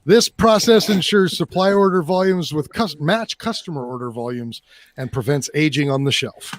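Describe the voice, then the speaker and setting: A man putting on a folksy, over-the-top Canadian ad-reader with a slightly high voice. He drags out words with tongue-in-cheek relish in a jokey sponsor read. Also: moderate pace, dry recording, lightly acted. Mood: mock-folksy. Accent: exaggerated Canadian.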